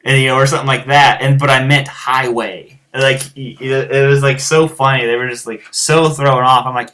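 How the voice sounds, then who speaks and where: A man's voice: mid-range voice, fairly even intonation, fairly quick, few pauses, sharp tone. A man with a rural American accent, chatting casually as a guitar teacher and host, rambling with many fillers and restarts. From United States. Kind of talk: casual chat answering viewers.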